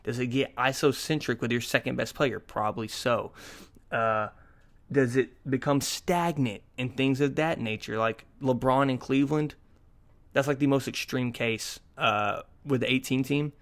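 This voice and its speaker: A man's voice: mid-range voice, moderate pace, a bit bright. A man in his twenties hosting a casual solo podcast, rambling through jokey, profane stories with sudden bursts of energy. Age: 20s. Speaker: podcast host.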